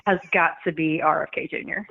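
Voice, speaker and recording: A woman's voice: sits low, steady tone, fairly quick, vocal fry, sharp tone. Woman caller on a muffled line. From Oklahoma, USA. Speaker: call-in caller. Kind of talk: casual call-in chat.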